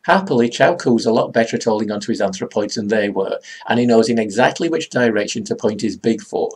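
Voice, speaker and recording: Sarcastic, gravelly man. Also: on the low side, lively intonation, fast. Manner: sarcastic, rambling. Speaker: comics reviewer. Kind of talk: comedic review monologue.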